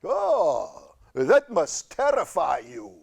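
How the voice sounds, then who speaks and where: A man's voice: fairly high pitch, huge pitch swings, drawn-out words, vocal fry, husky, pitched above the performer's own voice, exaggerated voice. A man voicing a talking cancer tumor in a comic skit, using an old horror-film vampire drawl and sounding easily offended and pleading. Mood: wheedling. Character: talking male cancer tumor, whiny and wheedling.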